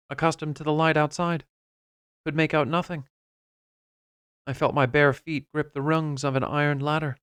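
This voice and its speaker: Smooth, crisp male audiobook narrator. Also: fairly high pitch, dry recording, clean studio sound. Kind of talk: first-person novel narration.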